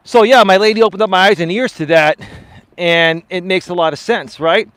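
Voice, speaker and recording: Male life coach hosting a live stream outdoors; animated, passionate delivery with a fairly high voice and frequent "right?" tags. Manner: expressive, swinging pitch up and down, often tags "right?". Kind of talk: live-stream chat answering viewer comments. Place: outdoors on a walk.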